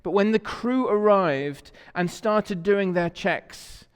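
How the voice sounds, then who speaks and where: English male pastor, conversational sermon delivery, slightly high voice, reverberant sanctuary. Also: takes it slowly, smooth. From England. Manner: conversational storytelling, asks the congregation questions. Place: church sanctuary. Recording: long church reverb.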